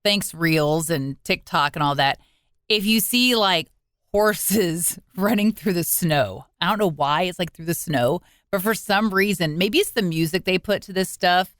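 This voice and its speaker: A woman with a lowish voice chatting easily and laughing as she talks. The sound is dry and close to the mic, with no room around it. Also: a little slow, fairly bright tone, no room sound. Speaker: podcast co-host. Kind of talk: casual chat.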